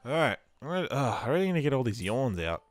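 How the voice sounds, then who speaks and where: A man's voice: mid-range voice, very animated, quick pace. A man giving casual let's-play commentary while sleepy and yawning, rambling and swearing freely. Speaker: gameplay commentator.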